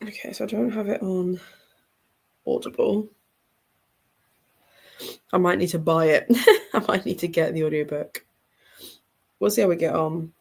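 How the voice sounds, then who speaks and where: A woman's voice: on the low side, measured pace, gravelly, pauses often, darkish tone, breathy edge. Congested woman chatting casually. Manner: rambling, chatty, many ums and little laughs. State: congested, stuffy-nosed. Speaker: reading livestream host. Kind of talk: casual livestream chat. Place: home room with bookshelves behind her.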